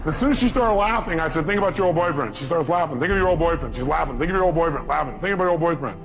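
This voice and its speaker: A man's voice: lively intonation, racing. Emphatic male motivational speaker over music. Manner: emphatic, rhetorical questions to the crowd; swings from loud bursts to low intimate asides. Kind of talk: motivational speech to an audience. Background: music bed.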